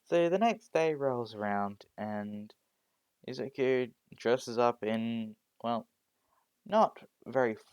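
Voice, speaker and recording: A man narrating an improvised fan story, halting and full of restarts. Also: mid-range voice, darkish tone, smooth, no echo. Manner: halting, many fillers and restarts.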